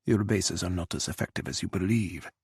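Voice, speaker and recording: Guy doing a smirky russian president, thick russian accent, gravelly, dry close sound. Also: sits low, brisk, darkish tone, no echo, exaggerated voice. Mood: sly. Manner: smirking, easy, cutting. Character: scheming restless male Russian president.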